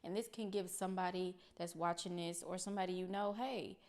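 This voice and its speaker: A woman's voice: lowish voice, fairly even intonation, brisk, a little mellow. Earnest woman reacting to a clip. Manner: earnest, speaks plainly to viewers. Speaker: reaction video host. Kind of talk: casual commentary.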